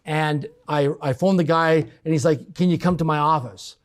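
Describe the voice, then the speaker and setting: A man's voice: fairly high pitch, moderate pace. A man telling a personal business story in casual conversation, acting out the voices of the people in it. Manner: animated storyteller acting out quoted dialogue. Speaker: podcast guest.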